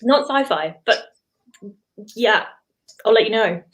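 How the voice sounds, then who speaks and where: A woman's voice: a little high, lively intonation, slow pace, fairly bright tone. A woman guest writer answering briefly in casual chat, with small laughs between her answers.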